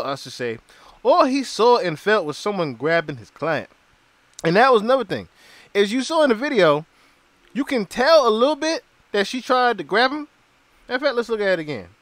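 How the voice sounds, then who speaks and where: A male podcast host runs through celebrity gossip in a loose, swearing, storytelling way. His high voice leaps up and down as he talks. The sound is dry and close, with no echo. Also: moderate pace. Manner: animated, profane, storytelling, acts out quotes. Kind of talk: casual podcast commentary.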